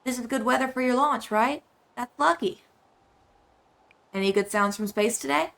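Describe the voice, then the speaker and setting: A woman voicing a friendly alien villager with a put-on Southern accent, reading game dialogue aloud in a gentle way. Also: a little high, normal speed, creaky, voice pushed up. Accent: put-on American Southern.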